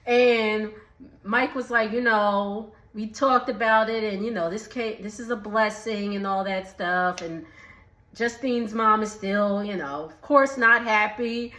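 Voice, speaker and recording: A woman's voice: medium pitch, a little slow, pushed and bright, echoey room. A woman giving a chatty recap of a reality show, laughing often and mimicking the people she quotes. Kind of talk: casual recap vlog.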